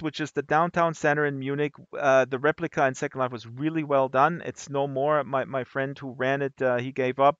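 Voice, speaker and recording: Animated German-born man telling a story. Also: fairly high pitch, normal speed, no echo, lo-fi sound. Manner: animated, acts out quoted voices, frequent fillers and restarts. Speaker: host telling a story at an open mic. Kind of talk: casual storytelling.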